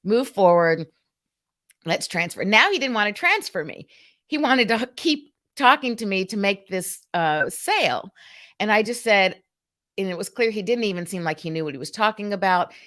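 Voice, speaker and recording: A woman hosting a casual live stream recounts a story with animated exasperation. Her pitch sits mid-range for a woman. She sounds talked into a desktop microphone. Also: moderate pace. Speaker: host.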